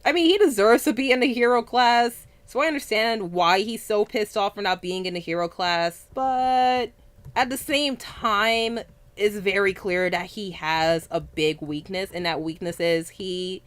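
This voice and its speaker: A woman's voice: mid-range voice, animated, measured pace. A woman co-hosting a casual anime review chat, talking freely, swearing often and tripping over names.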